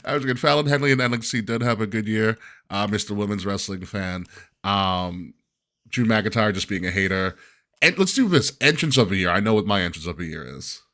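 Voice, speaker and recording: A man co-hosting a podcast, talking casually with a low-set voice that is bright and forceful. He laughs a lot and keeps the banter loose and jokey. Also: a little fast. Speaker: podcast host. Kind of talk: casual chat.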